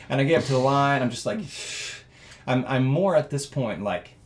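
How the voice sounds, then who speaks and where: Earnest male guest, rambling storyteller, middle pitch, a bit of room noise. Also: measured pace. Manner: earnest, rambling, with many fillers and restarts; grows loud and animated when telling emotional parts. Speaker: interview guest. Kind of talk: personal storytelling in a conversation.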